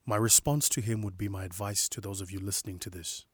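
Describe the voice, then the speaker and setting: Young adult man, husky, reflective spoken meditation; slow, measured, hushed emphasis, dry close mic. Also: on the low side, steady tone, dry recording. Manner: slow, measured, softly emphatic, sometimes whispering. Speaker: inspirational speaker.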